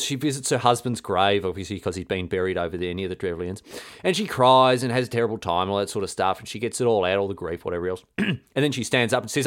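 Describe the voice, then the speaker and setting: A man's voice: on the low side, animated, fast talker, fairly bright tone. Irreverent man telling comic history. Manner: irreverent, slang-heavy, rambling with fillers and restarts. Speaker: podcast host.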